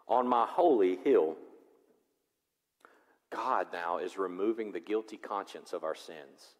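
A male pastor preaching a sermon. He moves from loud, rising preaching to quiet, reflective passages. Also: deep voice, unhurried. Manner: animated, swings from loud preaching to soft reflection. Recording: long hall reverb.

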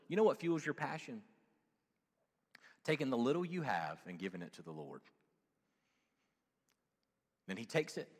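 A man pastor preaching a sermon, animated and humorous, with playful asides. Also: fairly high pitch, in a large hall.

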